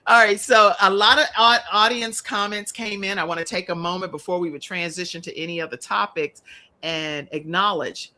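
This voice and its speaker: A woman hosting a live-stream panel chat, lively and cheering her guests on. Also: fairly low pitch, moderate pace. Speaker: host.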